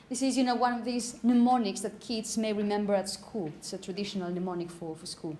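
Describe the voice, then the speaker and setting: A woman teaching a pronunciation class, calling on students and asking "okay?" often, and repeating words slowly. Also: medium pitch, a little mellow, slight background noise. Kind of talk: classroom phonetics lesson.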